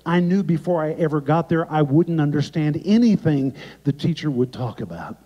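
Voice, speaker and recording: A man preaching as a guest by video and telling a story dramatically, swinging from emphatic lines down to hushed ones. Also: a little high, lively intonation, moderate pace. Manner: dramatic, emphatic, with sharp drops to quiet. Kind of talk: sermon storytelling. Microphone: remote video recording. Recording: echoey, dull lo-fi sound.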